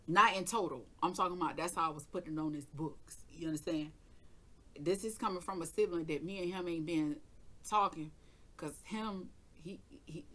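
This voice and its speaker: Bright-voiced woman telling a story animatedly. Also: deep voice. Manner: animated, emphatic, swears freely and acts out her own side of the argument. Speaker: tarot reader and channel host. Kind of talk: casual storytelling vlog.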